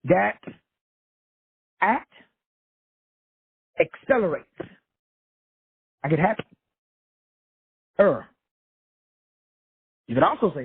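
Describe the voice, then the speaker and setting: A man's voice: on the high side, very animated, takes it slowly, pauses often, dry recording. A blunt, profane man, from Texas, giving a casual motivational lecture. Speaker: self-help lecturer. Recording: dry tinny phone-like audio, husky voice.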